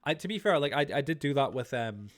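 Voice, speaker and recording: A man's voice: medium pitch, expressive, quick pace, heavy background noise. A man streaming live, chatting casually and rambling to his viewers while he plays, easily startled. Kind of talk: casual livestream chat while gaming.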